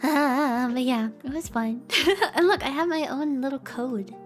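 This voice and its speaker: A woman's voice: high voice, unhurried, over music. A young woman hosting a casual livestream chat, bubbly and giggly, with a playful way of talking. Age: young adult. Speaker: streamer host.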